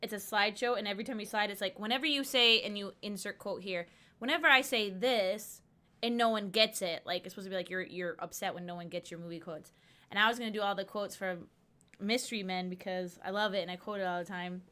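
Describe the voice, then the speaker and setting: Woman streamer, casual gameplay chatter, laughs a lot, bright voice. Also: mid-range voice, steady tone, quick pace. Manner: chatty, laughs often, rambling asides.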